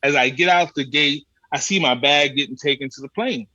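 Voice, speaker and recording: A fairly quick man with a voice on the high side tells a comic travel story as a podcast guest, recorded dry with dull audio. The chat is casual and colloquial, with casual swearing, as he animatedly acts out exasperated exchanges with people along the way.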